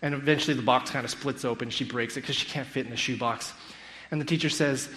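A man retelling a story in an animated talk, acting out the quotes with a sarcastic edge. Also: mid-range voice, fast. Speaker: speaker critiquing a school curriculum.

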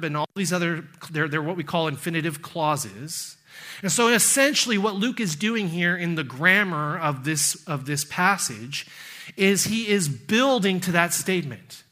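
A man preaching a sermon in a church, building up loud and high on scripture, then dropping low and soft at the ends of phrases. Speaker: pastor. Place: church sanctuary.

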